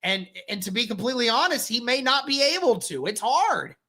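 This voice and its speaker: A woman hosting a live football watch-along stream, calling plays and reacting with animated, exasperated outbursts while thanking chat members. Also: on the high side, brisk.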